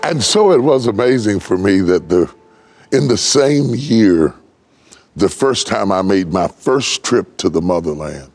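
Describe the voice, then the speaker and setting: An older man from West Virginia preaching a sermon, building from low, slow telling to high, ringing shouts. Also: animated, soft background music. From West Virginia, United States. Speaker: pastor.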